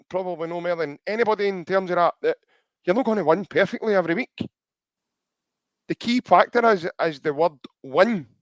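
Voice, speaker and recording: A man's voice: high-pitched, no echo, muffled recording. A man with a Scottish accent hosting a podcast in casual chat, reading out viewer comments and calling his co-host mate. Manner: chatty, calls co-host mate.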